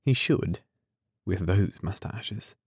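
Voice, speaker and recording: A man voicing a tender, devoted young nurse in an audiobook, soft and coaxing. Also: low voice, takes it slowly, slightly rough, dry recording, clean studio sound, full character voice. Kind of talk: audiobook character reading.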